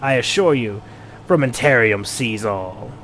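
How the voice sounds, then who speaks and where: A man's voice: mid-range voice, measured pace, a bit bright, slight background noise. Give me a cold, threatening imperial commander, read by a man for a game. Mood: menacing.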